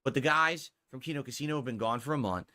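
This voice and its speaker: A man's voice: mid-range voice, quick pace, sharp tone. A male streamer talking to his viewers, rambling and hedging, pleading for support.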